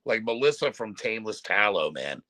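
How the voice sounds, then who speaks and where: A man's voice: lowish voice, sing-song, normal speed, bright, forceful tone, no echo. A middle-aged man hosting a casual chat show, rambling through stories and dropping "man" and "dude" as he talks. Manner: laid-back, rambling, says "man" and "dude" a lot. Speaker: show host.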